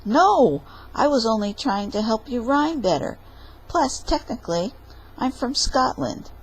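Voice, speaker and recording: Cheeky complaining young man from a storybook, lively up-and-down voice, played by a woman. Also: on the high side, measured pace, breathy edge, low-quality recording. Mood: sassy. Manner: whiny, sassy, talks back.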